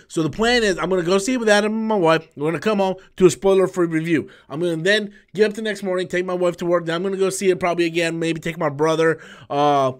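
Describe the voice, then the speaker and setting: A man in his thirties hosting a live stream, tired after a long work shift, talking excitably and rambling with frequent restarts while he answers viewer messages. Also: high voice, quick pace, few pauses, clear, resonant tone. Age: 30s. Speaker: YouTube channel host.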